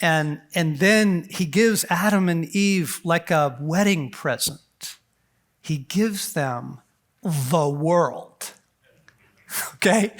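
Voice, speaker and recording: Man, middle-aged, high voice, animated storyteller, playful quote voices, conference talk. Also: very slow. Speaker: conference speaker. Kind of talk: lively sermon-style talk to a men's conference. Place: conference hall.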